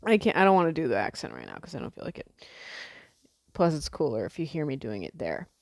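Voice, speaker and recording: A woman's voice: low voice, sing-song, quick pace, darkish tone, no echo. A young woman from the Midwest chatting casually to camera as a vlogger, rambling with lots of fillers and the odd swear word.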